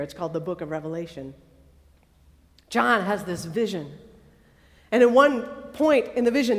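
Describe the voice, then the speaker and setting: A woman preaching a sermon in a lively, conversational way, acting out the quotes she tells. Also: high voice, big-room sound. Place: chapel or hall.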